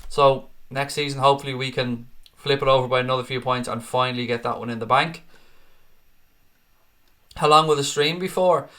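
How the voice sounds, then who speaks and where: A man's voice: mid-range voice, steady tone, moderate pace, bright, forceful tone. A tired man hosting a football fan live stream, chatting casually and answering viewer comments by name, calling them mate.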